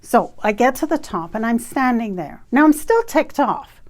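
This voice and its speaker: A woman in her fifties from Canada, telling a personal story in an animated, emphatic way with bursts of laughter. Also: on the high side, normal speed. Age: 50s. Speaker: retreat facilitator.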